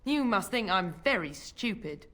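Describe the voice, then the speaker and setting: A woman's voice: medium pitch, very animated, measured pace, bright, forceful tone. An actress playing a bitter, hard-up mother of five in a video game, cold and contemptuous. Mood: scornful.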